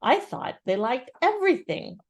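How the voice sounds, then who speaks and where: A woman voicing a gentle, simple-minded male bear in a storybook reading. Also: high voice, big pitch swings, moderate pace, breathy edge, pitched above the performer's own voice, heavily acted.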